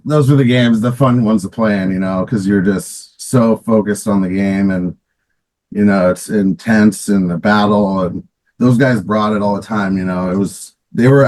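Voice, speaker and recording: A man's voice: fairly low pitch, a little mellow, poor audio. A middle-aged man, a former pro hockey player, casually telling stories in an interview with many restarts and fillers, often laughing.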